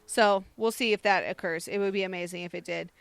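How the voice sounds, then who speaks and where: A woman co-hosting a radio show, reading celebrity news in a brisk, dismissive casual way. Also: mid-range voice, fairly even intonation, creaky, clean tone, dry recording.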